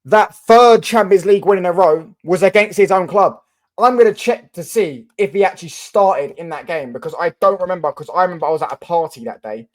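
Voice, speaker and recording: Young man, Mancunian accent, slightly high pitch, casual football reaction, rambling, swears. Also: brisk. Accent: Mancunian English. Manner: rambling, swears, restarts often. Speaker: football channel host. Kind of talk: casual solo reaction commentary.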